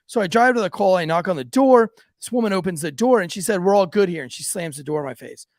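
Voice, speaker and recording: A man, a police officer who hosts a podcast, tells a story in a profane, animated way and acts out the voices of the people in it. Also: high voice, fast talker, no echo, studio quality. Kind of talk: casual storytelling. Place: podcast studio.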